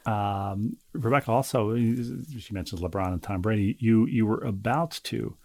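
A man co-hosting a casual podcast, reading listener mail aloud and teasing his co-host in a wry, halting way. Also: on the low side, gravelly, a little mellow.

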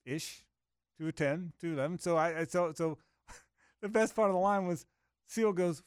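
A man's voice: on the high side, normal speed, long pauses, clean tone, dry recording, clean studio sound. A middle-aged man hosting a sports radio show, telling a rambling, self-mocking story with lots of restarts and laughter. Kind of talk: casual radio banter.

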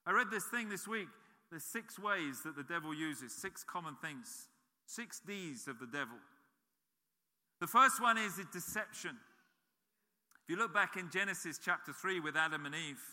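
A man's voice: a little high, animated, moderate pace, bright, forceful tone. A man preaching a sermon as a pastor, emphatic and repeating key phrases. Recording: reverberant hall.

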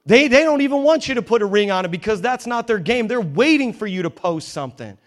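A man's voice: high voice, expressive, quick pace. Emphatic man preaching a sermon. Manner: emphatic, conversational, joking asides. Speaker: pastor. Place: church in New York.

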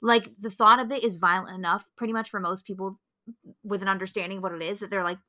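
A woman's voice: mid-range voice, steady tone, fast, pushed and bright. A woman co-hosting a film podcast, ranting emphatically with lots of swearing. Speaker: podcast co-host. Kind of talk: casual film review chat.

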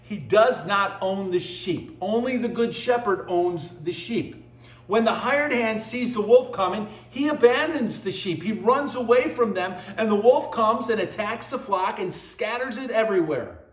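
A man's voice: high-pitched, lively intonation, a little slow. A man preaching a sermon, stressing his points by repeating phrases. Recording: echoey room with faint music.

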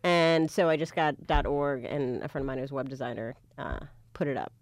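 A woman's voice: a bass voice, brisk, dry recording, clean studio sound. A woman guest on a comedy podcast, chatting casually in a rambling, self-deprecating way. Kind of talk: casual chat.

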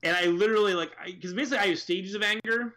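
Man co-host, slightly higher voice, loose rambling talk full of fillers and cursing. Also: very fast, pushed and bright. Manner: rambling, profane, many fillers. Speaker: podcast co-host. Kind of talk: casual chat.

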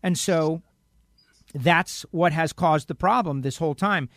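A man's voice: a little high, measured pace, a bit bright, no room sound, studio quality. A man on a talk radio show giving an impassioned, rambling opinion while emotionally upset. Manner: emphatic, rambling, acts out other people's lines. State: emotional, upset by bad news.

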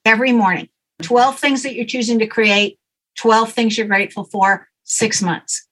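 A woman's voice: fairly high pitch, fairly even intonation, normal speed, fairly bright tone, poor audio. Woman guest, instructive and sure of herself, conversational. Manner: instructive, confident, explains step by step. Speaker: guest coach. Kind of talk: casual interview.

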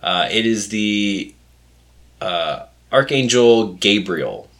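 A man's voice: fairly low pitch, expressive, takes it slowly, fairly bright tone. A man in his forties hosting a casual quiz chat, laid-back and laughing often. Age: 40s. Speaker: quiz host.

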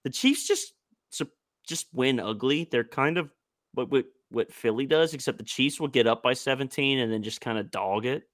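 Podcast co-host, jokey, mid-pitched man, casual football banter. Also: normal speed, fairly bright tone. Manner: jokey, quotes memes in mock voices. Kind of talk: casual sports chat.

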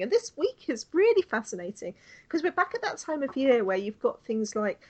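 A woman's voice: medium pitch, sing-song, a little fast, a little mellow. A woman co-hosting a podcast in casual chat, bubbly and teasing, laughing often. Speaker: podcast co-host.

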